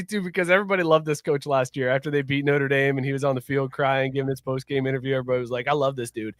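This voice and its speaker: Podcast co-host, high-pitched man, heated and profane, casual sports rant. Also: fairly bright tone, dry recording. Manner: profane, heated, mocking impressions.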